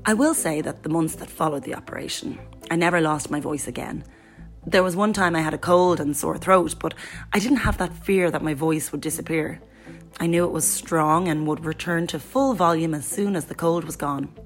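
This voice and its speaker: A woman with a somewhat low voice reads a personal account in the first person, as scripted narration. Her delivery is even and storytelling in tone, with faint music playing underneath. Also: normal speed. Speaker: guest reader voicing a friend's blog.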